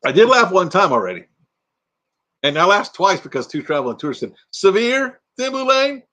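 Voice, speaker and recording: An older man hosts a relaxed livestream, chatting with viewers and reading their comments aloud. His voice sits a little high for a man, and he laughs easily. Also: brisk. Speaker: livestream host. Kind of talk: casual live chat with viewers. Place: home room with green screen.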